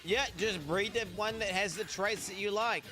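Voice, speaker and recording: Over music, a high-voiced young streamer speaks at normal speed, reacting to videos with profane, rambling, animated casual chat.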